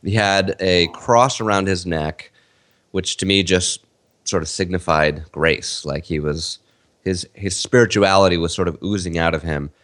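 A man in his thirties with a very low voice, co-hosting a podcast. He tells stories in a loose, rambling way, full of fillers and self-corrections. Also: a little slow, a bit bright. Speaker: podcast co-host. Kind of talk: casual storytelling chat.

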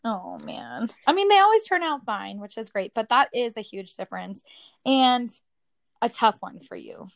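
A young woman co-hosting a podcast, chatting casually with quick reactions and a lot of giggling. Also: a little high, lively intonation, creaky, no echo. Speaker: podcast co-host. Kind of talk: casual chat.

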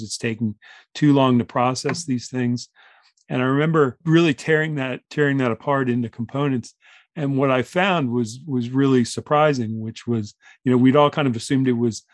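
A man's voice: medium pitch, dry recording. Man hosting a thoughtful panel chat. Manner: thoughtful, builds points through examples. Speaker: podcast host leading an expert panel. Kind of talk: conversational panel discussion.

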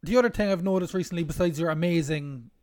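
A man's voice: fairly high pitch, fast talker, darkish tone, no echo. A young man hosting a podcast, teasing his partner in a playful, mock-formal way. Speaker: podcast host. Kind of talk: casual chat.

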